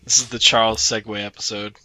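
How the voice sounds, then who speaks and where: A man's voice: on the low side, flat delivery, a little fast, a crowd in the background. A man co-hosting a casual podcast, musing and filling gaps with "you know". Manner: reflective, leans on "you know". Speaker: podcast co-host. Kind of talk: casual chat.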